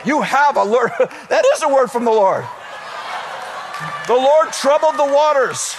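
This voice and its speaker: A man's voice: very high voice, animated, a little slow, in a large hall, some chatter behind, slight background noise. A man preaching a sermon, telling comic stories and acting out the voices of the people in them. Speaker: pastor.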